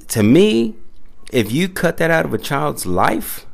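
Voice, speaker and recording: A man's voice: fairly high pitch, sing-song, measured pace, vocal fry. A man hosting a casual podcast chat, laid-back and sprinkling his talk with "man" and "dude".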